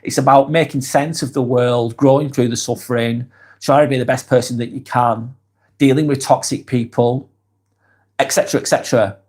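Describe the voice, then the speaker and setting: A man's voice: mid-range voice, moderate pace, slightly rough. Casual Lancashire man reading comments live. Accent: Lancashire English. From England. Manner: reads comments aloud and answers in a relaxed, chatty way with many ums and restarts. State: fatigued. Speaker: live-stream host.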